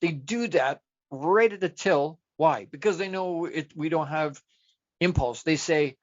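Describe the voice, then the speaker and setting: A man coaching his listeners in a chatty, self-deprecating motivational talk, firing off rhetorical questions and answering them himself. His voice sits a little high for a man. The recording is dry with no room sound and a somewhat muffled, lo-fi tone. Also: a little slow, dry recording. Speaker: life coach.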